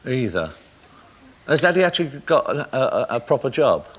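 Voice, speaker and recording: A man's voice: mid-range voice, big pitch swings, normal speed. A man hosting a comic interview with a child on television, teasing and playful. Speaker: host. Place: TV studio with audience. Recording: loud studio audience and noise.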